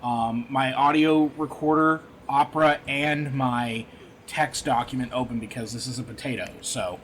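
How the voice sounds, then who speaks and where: A man co-hosting a podcast, talking in a rambling, halting way full of fillers and restarts. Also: medium pitch, fairly even intonation, fairly bright tone, a little hiss or hum. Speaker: podcast co-host. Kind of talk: casual chat. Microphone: computer mic. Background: keyboard typing.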